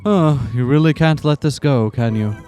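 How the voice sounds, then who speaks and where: A man voicing a mysterious, elegant young man who speaks slowly and smoothly in a low, husky tone. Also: dark tone, soft background music, lightly acted. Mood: teasing.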